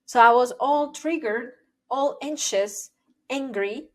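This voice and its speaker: A woman's voice: high voice, slow pace. A woman working as a parenting educator, explaining her ideas to the camera in an earnest, emphatic way and repeating her key points. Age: adult, parent of young children.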